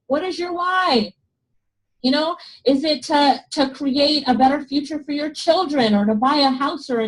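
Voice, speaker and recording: Excited woman teaching a live webinar. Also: sits high, low-quality recording. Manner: excited, chatty, laughs often. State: losing her voice. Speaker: online business instructor.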